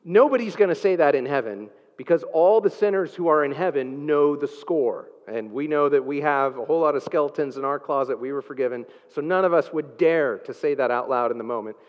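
A man's voice: fairly high pitch, a little fast, hardly any pauses. A man preaching a sermon, earnest and emphatic, with frequent filler sounds. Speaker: pastor. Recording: dull sound with long hall reverb.

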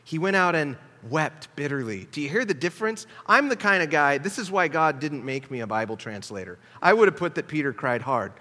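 A man's voice: a little high, animated, a little fast, few pauses, pushed and bright. A man preaching a sermon in a conversational, emphatic way, asking his listeners questions. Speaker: pastor. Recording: long hall reverb.

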